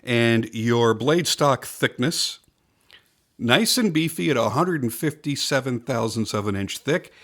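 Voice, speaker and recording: A man's voice: medium pitch, animated, unhurried, a bit bright. A man reviewing a pocket knife in a casual, enthusiastic way, stressing and repeating his points.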